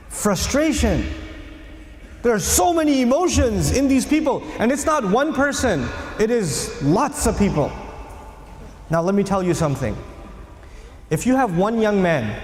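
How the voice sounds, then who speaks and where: High-voiced man lecturing in an echoey hall. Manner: animated, asks the audience questions, acts out quotes. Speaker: religious lecturer. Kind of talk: religious lecture.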